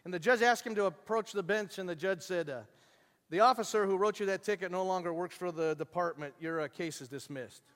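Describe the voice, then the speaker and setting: A middle-aged male pastor with a high voice delivers a sermon with animated storytelling. He drops to hushed asides and then rises to near-shouts as he acts out the people in his stories. His voice rings through the long reverb of a large hall. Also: brisk.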